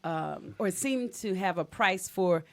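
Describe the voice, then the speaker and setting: A woman's voice: lowish voice, animated, takes it slowly. Chatty woman co-hosting a podcast. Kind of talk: casual chat.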